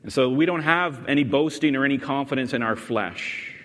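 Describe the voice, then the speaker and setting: A man's voice: mid-range voice, normal speed, a bit bright, a little hiss or hum. Emphatic male pastor in a reverberant hall. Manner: emphatic, explanatory, often restarts and repeats words. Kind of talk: sermon. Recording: long reverb in a large hall.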